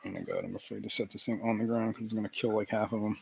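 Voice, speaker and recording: A man's voice: lowish voice, steady tone, racing, vocal fry, a little mellow, slightly rough, dry recording, lo-fi sound. A man hosting a casual live stream from his fish room, laughing at his own jokes. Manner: giggly, keeps cracking himself up. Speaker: fishkeeping livestream host.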